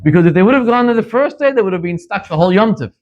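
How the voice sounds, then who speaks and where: A middle-aged man from Zimbabwe, a rabbi giving a sermon and telling stories, his voice climbing sharply whenever he stresses a point. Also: rapid-fire. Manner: animated storyteller, pitch leaping up for emphasis. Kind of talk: sermon with storytelling. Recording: dull lo-fi recording.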